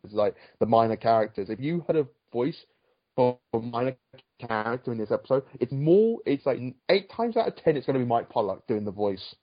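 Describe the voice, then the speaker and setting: A man talking in a relaxed podcast chat. He rambles and often restarts his sentences. The recording is dull and lo-fi, with a dry, close sound. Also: medium pitch, no echo. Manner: rambling, chatty, with frequent restarts. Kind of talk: casual podcast chat about a cartoon.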